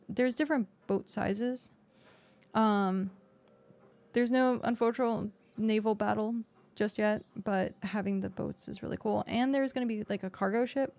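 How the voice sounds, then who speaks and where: A woman streamer plays a game and explains it, chatting casually with lots of fillers into a desk microphone. Her mid-range voice is gravelly with a darkish tone, and faint background music plays.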